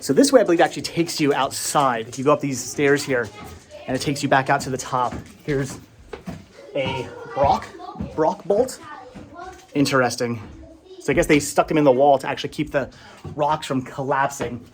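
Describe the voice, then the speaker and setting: A woman's voice: rumbling low, normal speed, a little hiss or hum. A woman travel vlogger narrating casually as she walks, rambling and enthusiastic, often repeating her words. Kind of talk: casual walking vlog narration.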